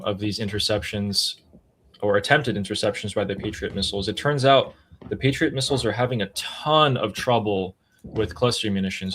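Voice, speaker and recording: Low-voiced man hosting live news analysis. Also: fairly bright tone, a little hiss or hum. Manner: explanatory, matter-of-fact, laughs at times. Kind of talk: casual live news commentary.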